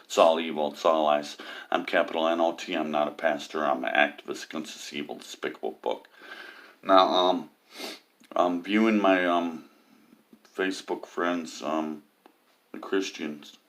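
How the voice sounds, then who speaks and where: An atheist vlogger rants to camera about religion in an unhurried, fairly bright voice with fairly even intonation. He's mocking, says "um" a lot, and mimics others with high cries.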